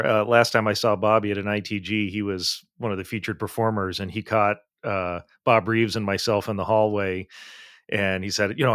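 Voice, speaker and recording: A man hosting a podcast interview, enthusiastic and quick to laugh as he tells a story. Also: fairly low pitch, a bit bright, dry recording, clean studio sound. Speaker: podcast host. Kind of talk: casual interview chat.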